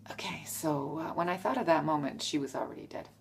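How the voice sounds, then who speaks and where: A woman's voice: low voice, brisk, gravelly, a little hiss or hum. A woman casually answering tag questions in a frank, rambling way, often correcting herself. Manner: frank, self-correcting, trails off.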